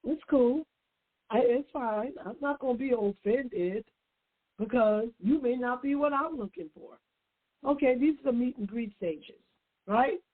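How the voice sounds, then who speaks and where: A woman advice-show host with a somewhat high, husky voice. She speaks emphatically and preaches to her listeners, driving home her points by repeating them. The sound is thin and tinny, like a phone line. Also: measured pace. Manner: emphatic and preachy, repeats key phrases, talks straight to listeners. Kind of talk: direct-address advice talk.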